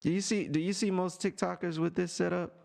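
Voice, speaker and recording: A man live-streaming from a home setup with a desk microphone, talking to a chatter in a sarcastic, teasing rant full of drawn-out taunts. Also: sits high, steady tone, creaky, a little mellow. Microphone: desk microphone and headphones.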